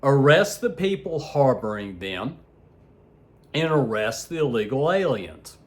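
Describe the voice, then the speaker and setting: A man giving a heated, blunt political rant for his video blog, crude and laughing at his own jabs, shouting one moment and muttering the next. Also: big pitch swings, unhurried. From United States. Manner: heated, swinging between shouts and low asides. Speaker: political vlogger. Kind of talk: ranting opinion vlog.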